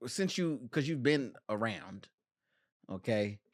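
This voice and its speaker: A man's voice: mid-range voice, expressive, slow pace, dry recording, clean studio sound. A man hosting a podcast, chatting casually, teasing his guest and laughing often. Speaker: podcast host.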